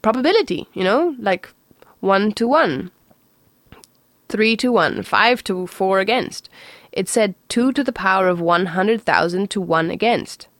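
A woman reading aloud, voicing an excitable, quick-witted man who talks loudly and emphatically. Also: medium pitch, dry recording, clean studio sound. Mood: excited.

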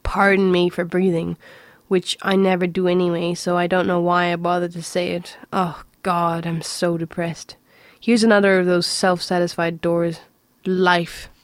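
A weary, depressed male robot, as a woman reading a story puts him on, complaining in a slow droning monotone. The voice sits low and sounds close and dry. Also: no room sound, close to an everyday voice. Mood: gloomy. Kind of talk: audiobook reading.

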